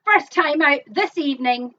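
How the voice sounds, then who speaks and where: A woman's voice: high voice, animated, moderate pace, bright, forceful tone. A woman calling numbers as host of a live online bingo game, with chatty asides between calls. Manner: upbeat announcing, chatty asides. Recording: muffled, distant mic.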